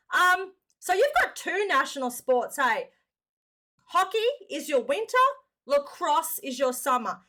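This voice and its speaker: A woman's voice: sits high, bright, forceful tone. An Australian woman hosting a reaction video, chatting casually to her viewers and calling them mate. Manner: chatty, addresses viewers as mates.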